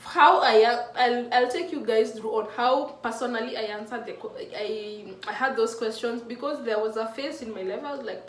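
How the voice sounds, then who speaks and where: Woman, mid-twenties, earnest and emotional, fairly high voice, roomy echo, distant mic. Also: moderate pace, hardly any pauses, a little hiss or hum. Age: mid-20s. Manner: earnest, emotional, many restarts. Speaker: faith vlogger. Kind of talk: casual heartfelt talk to camera. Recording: echoey room from a distant mic.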